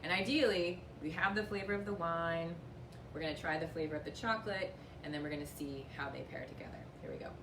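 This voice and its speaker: This informal tasting demonstration pairs wine and chocolate, hosted by an upbeat, talkative woman who pokes gentle fun at herself. She speaks fast at a fairly low pitch. Background noise fills an echoey winery room, and her voice sounds distant from the mic.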